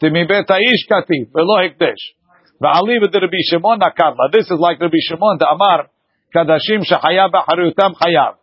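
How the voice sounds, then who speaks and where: A man teaching a lively Talmud class, arguing points back and forth with his students. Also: fairly high pitch, a little fast, slightly rough, dry recording, highs cut off.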